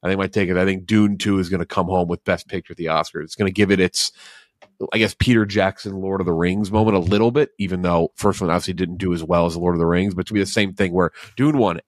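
A man's voice: sits low, fairly even intonation, fast, dry recording, studio quality. A man co-hosting a casual movie podcast, rambling through opinions with frequent restarts. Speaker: podcast co-host.

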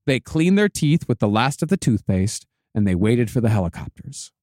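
A man's voice: medium pitch, very animated, moderate pace, darkish tone, no echo, clean studio sound. A man hosting a podcast, telling a story in a laid-back way, swearing casually and laughing often.

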